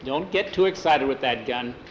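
A man voicing Tom, a calm and steady cowboy hero in a western story. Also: medium pitch, normal speed, lo-fi sound, slight background noise, natural voice. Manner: calm, matter-of-fact.

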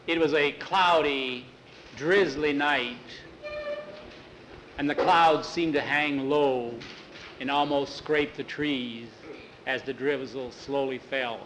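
A man telling a spooky cemetery story out loud, with occasional restarts, slipping into voices for the characters. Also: fairly even intonation, slow, slight background noise, low-quality recording. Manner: unscripted retelling with restarts, lifts pitch for scared boys. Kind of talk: spoken storytelling, voicing characters.

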